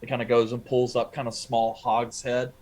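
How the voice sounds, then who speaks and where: A man's voice: medium pitch, monotone, normal speed, darkish tone. A man narrating a tabletop game as game master, rambling and hesitant, with many fillers.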